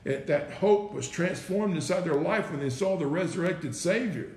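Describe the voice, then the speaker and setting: A man's voice: high-pitched, lively intonation, moderate pace, a little mellow. A man preaching an informal sermon, repeating phrases and firing off rhetorical questions with "right?" and "listen". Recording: echoey room.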